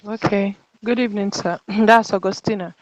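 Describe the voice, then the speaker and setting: A woman's voice: medium pitch, steady tone, moderate pace, dry recording. A woman student answering a question over a video call, hesitant and correcting herself mid-answer. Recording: dull dry call audio.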